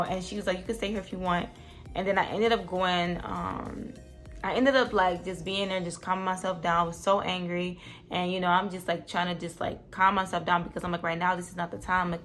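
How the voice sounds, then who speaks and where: Fast-talking young woman vlogger. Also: lowish voice. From Detroit. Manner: animated, swears freely, acts out quotes. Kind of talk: casual storytime.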